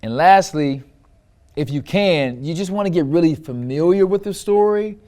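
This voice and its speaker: Expressive man teaching storytelling. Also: moderate pace. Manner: expressive, varies loudness and pitch, repeats for emphasis. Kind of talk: instructional talk to camera.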